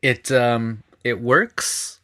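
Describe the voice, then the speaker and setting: A man's voice: mid-range voice, extremely slow, sharp tone. A man co-hosting a podcast, chatting in an easygoing way with many filler ums. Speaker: podcast co-host. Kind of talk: casual chat.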